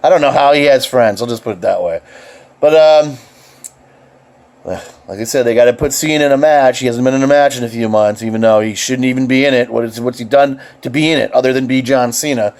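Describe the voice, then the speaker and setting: A man's voice: mid-range voice, fairly quick. Rambling, swearing vlogger man. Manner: excitable, swears freely, rambling with restarts. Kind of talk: casual rambling opinion vlog.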